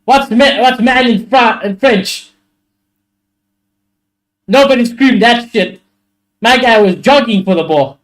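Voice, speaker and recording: A young man hosting a live football watchalong, reacting excitably to the play and swearing freely. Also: very high-pitched, slow, pauses often. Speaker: watchalong host.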